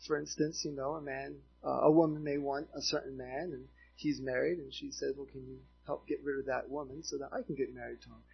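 A man's voice: medium pitch, fairly even intonation, brisk, gravelly, hardly any pauses, husky. A man voicing a self-assured young woman witch who talks in a breezy, coaxing way, in a dull lo-fi recording. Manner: breezy, coaxing, matter-of-fact.

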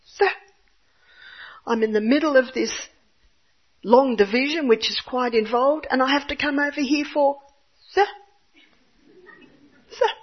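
An older woman with a husky voice tells a faith story in an earnest, expressive way. She speaks as a mother recalling her own homeschool days. The recording sounds a little muffled. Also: high-pitched, unhurried, long pauses. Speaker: homeschooling mother giving a talk.

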